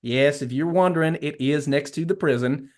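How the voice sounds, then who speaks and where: A man's voice: a little high, normal speed, lightly acted. A man voicing a brash, clueless Southern American man with a put-on Texan accent and chummy, rambling talk. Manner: chummy, rambling, over-eager.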